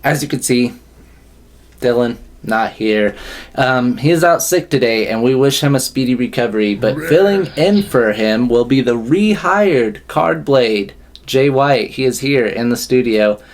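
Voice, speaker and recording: A man's voice: medium pitch, lively intonation, a little slow. Upbeat male podcast host. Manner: upbeat, laughs often, tired from a late night. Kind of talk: casual chat.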